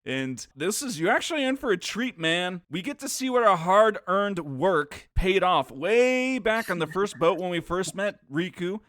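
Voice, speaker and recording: A man's voice: high voice, animated, unhurried, few pauses, a bit bright, no room sound, studio quality. A man co-hosting a casual video game podcast, chatting loosely and acting out characters' lines in exaggerated voices. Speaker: podcast co-host.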